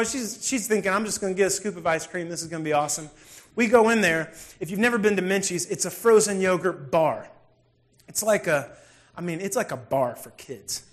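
A pastor with a notably high voice preaches in a relaxed, storytelling way. He drops to near-quiet asides, then bursts out loud. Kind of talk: sermon with personal storytelling.

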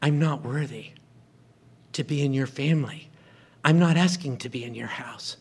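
A man's voice: medium pitch, normal speed, darkish tone, slightly rough. A man preaching a sermon, retelling a story and acting out the characters' lines.

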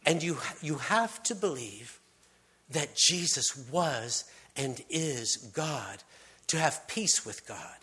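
A man giving a conversational sermon, telling stories with casual restarts and hushed emphasis. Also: fairly high pitch, lively intonation, takes it slowly, breathy edge. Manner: casual, storytelling delivery with frequent restarts and dropped-to-hushed emphasis. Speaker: preacher.

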